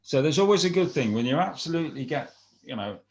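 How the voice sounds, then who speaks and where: A man's voice: a little high, animated, fast talker, a little mellow. A man telling a folktale aloud in a chatty, rambling way, with asides to his listeners. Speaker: storyteller.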